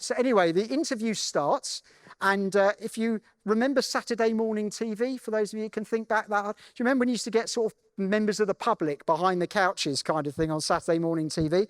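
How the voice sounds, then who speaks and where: Higher-voiced man telling a story on stage. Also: no echo, clean studio sound. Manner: conversational, keeps checking in with "right?". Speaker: keynote speaker. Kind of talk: conference keynote storytelling. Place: conference main stage.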